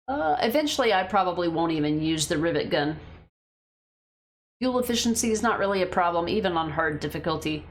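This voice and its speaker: A woman's voice: medium pitch, a little hiss or hum. A woman streaming a game, chatting casually, swearing freely and answering her chat. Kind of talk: casual gameplay commentary.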